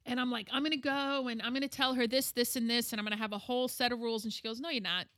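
A middle-aged woman tells a candid personal story as an interview guest. Her voice is bright and sits a little high. She is animated and acts out the people she quotes. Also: rapid-fire.

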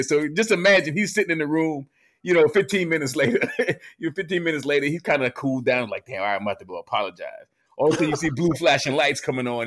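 A man with children chatting casually on a podcast, telling animated stories with many stammering restarts and laughs. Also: fairly high pitch. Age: adult with children. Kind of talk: casual chat.

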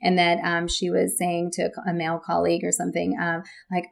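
A woman co-hosting a casual podcast chats in a low, gravelly voice, speaking a little fast with hardly any pauses. She tells stories with animation, acts out quotes, and laughs often.

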